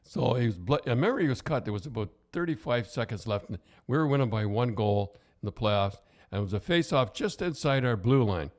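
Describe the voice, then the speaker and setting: A man's voice: medium pitch, expressive, a little fast, hardly any pauses. Older man telling rambling stories. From Canada. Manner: rambling storyteller, frequent restarts, laughs at his own stories. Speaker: podcast co-host, former hockey coach. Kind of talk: casual anecdotal chat.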